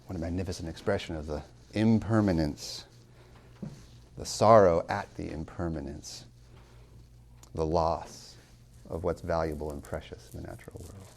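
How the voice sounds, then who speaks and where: Deep, gravelly man lecturing on poetry. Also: fairly even intonation, a little mellow, slight background noise. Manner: emphatic, with rhetorical questions; slows down to stress key words. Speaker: college tutor lecturing.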